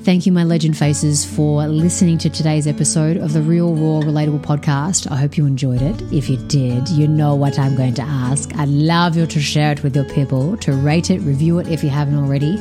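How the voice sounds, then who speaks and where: A woman's voice: low voice, fairly quick, hardly any pauses, music in the background. Frank, swearing woman podcaster. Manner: energetic, frank, swears freely. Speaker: podcast host and coach. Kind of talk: casual podcast monologue.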